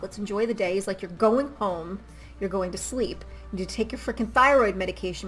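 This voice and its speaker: A young adult woman chatting candidly in a casual vlog storytime, acting out little quotes as she goes. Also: medium pitch. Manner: chatty and candid, acts out quotes with a jumpy lively energy. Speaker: vlogger.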